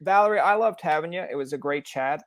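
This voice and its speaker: A man's voice: fairly high pitch, quick pace, no room sound. A young man hosting a talk show, chatting casually and joking, acting out imagined conversations. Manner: joking, acts out imagined dialogues. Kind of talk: casual interview chat.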